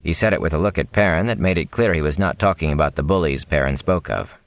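A man narrating a fantasy novel aloud in an expressive reading. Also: very deep voice, quick pace, dry recording. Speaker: audiobook narrator. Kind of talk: storybook narration.

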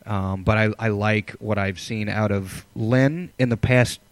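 A man co-hosting a live sports podcast, giving measured analysis with hedging fillers. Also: fairly low pitch, steady tone, no echo. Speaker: podcast co-host. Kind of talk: casual sports chat.

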